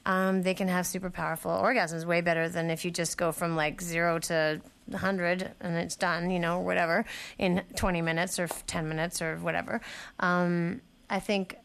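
A woman hosting a late-night radio talk show, chatty, candid and quick to laugh. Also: fairly low pitch, flat delivery, creaky, a bit bright, smooth.

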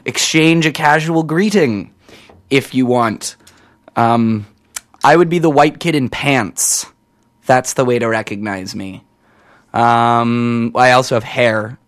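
Young man, college radio DJ, rambling, self-deprecating, lots of ums, casual chat. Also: medium pitch. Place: radio studio.

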